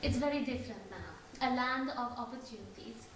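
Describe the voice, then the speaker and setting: A poised, cool woman, acted by an actress, answers in a dry, composed way from a slightly high voice. The mic sits far from her in a very echoey room, with noticeable noise behind. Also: moderate pace, natural voice. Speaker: actress in an audition scene.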